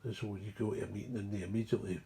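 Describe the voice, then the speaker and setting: A man's voice: on the low side, fairly even intonation, very fast, warm tone, husky. A Scottish man, mumbling and digressive, explaining a recovery program in a rambling way. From Scotland. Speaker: recovery speaker.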